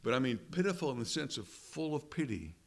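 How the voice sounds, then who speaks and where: A pastor giving a conversational sermon, asking his listeners rhetorical questions and slowing down to stress key words. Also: medium pitch, sing-song.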